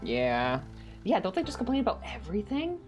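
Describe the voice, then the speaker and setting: A woman's voice: medium pitch, huge pitch swings, fairly quick, music in the background. A woman streamer chatting casually at home while gaming, rambling with lots of "like" and getting heated when something annoys her. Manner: rambling, heavy use of "like".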